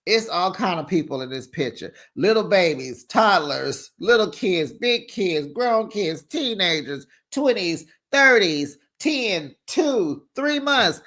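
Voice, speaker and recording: A host giving a sassy, gossipy recap of a reality show, animated and quick to laugh, with casual slang like "honey" and "child.". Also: medium pitch.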